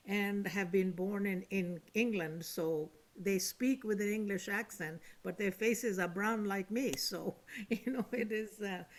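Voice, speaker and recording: Online meeting participant, mid pitch, reflective and hesitant delivery, video call.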